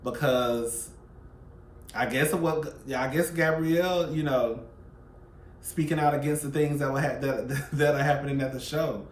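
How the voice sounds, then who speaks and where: A man hosting a casual gossip commentary channel, sassy and profane, swinging between loud outbursts and soft asides. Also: mid-range voice, steady tone, normal speed, roomy sound, a little hiss or hum. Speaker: YouTube commentary host.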